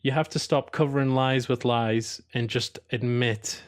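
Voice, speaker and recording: A man with a Geordie accent talks through a review in a casual, rambling way. His voice sits at a middle pitch, and he often restarts his sentences. His tone is opinionated and at times slides into a rant. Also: fairly even intonation, a little slow. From Newcastle upon Tyne, England. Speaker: video host reviewing episodes. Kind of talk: casual commentary.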